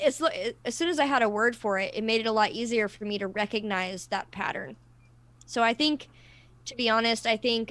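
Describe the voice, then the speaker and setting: Co-hosting a relaxed panel discussion on a livestream, a woman with a mid-range, somewhat bright voice works through ideas thoughtfully. She uses personal examples and frequently starts her sentences over.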